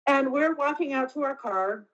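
A middle-aged woman, an interview guest, telling a personal story earnestly and haltingly, often restarting her sentences. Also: high voice, muffled recording.

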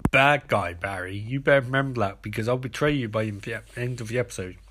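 A man's voice: mid-range voice, fast, a bit bright, pitched below the performer's own voice, lightly acted. A man voicing a cocky, sly male career criminal in a jokey retelling, with a drawling, casual manner. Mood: smug.

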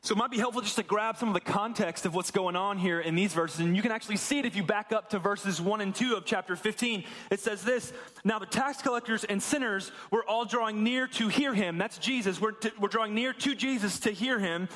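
A pastor delivers a sermon, first reading a Bible passage aloud and then explaining it in a casual, conversational way, acting out the quotes. His male voice sits high and fairly bright, moving at a quick pace with hardly any pauses.

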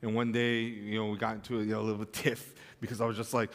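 A man preaching a sermon as pastor, telling a funny home story, then turning soft and earnest. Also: medium pitch, very fast, hardly any pauses, big-room sound. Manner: storytelling with humor, swings from animated to soft and earnest. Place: church sanctuary.

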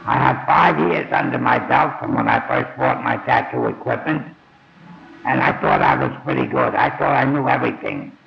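Speaking at a normal speed with an expressive, medium-pitched, gravelly voice, an older man shares his memoirs in first person. His manner is blunt and plain, peppered with offhand cursing. The lo-fi recording is dull and carries slight background noise.

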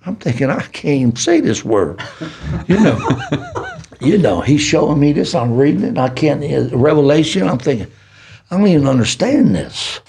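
An older man with a Southern US city accent, telling his life story as a podcast guest in a preacherly, animated way. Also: a little high, normal speed, vocal fry, husky. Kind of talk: storytelling testimony.

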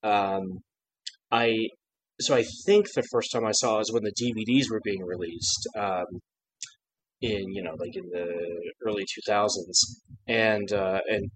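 A man's voice: fairly low pitch, a little slow, breathy edge, poor audio. A man co-hosting a podcast, talking casually about a cartoon episode, rambling and restarting his sentences with frequent laughs. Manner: rambling, self-interrupting, laughs often. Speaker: podcast co-host.

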